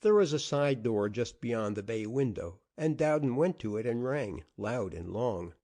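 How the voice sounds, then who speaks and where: Expressive male audiobook narrator. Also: medium pitch, unhurried. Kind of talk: storytelling narration.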